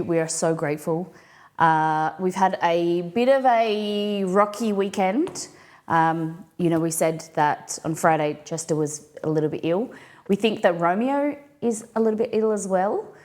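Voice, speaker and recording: A woman hosting a casual cooking live stream, chatting in a rambling way with many fillers and bouncy greetings. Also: medium pitch. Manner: bouncy, sing-song greetings.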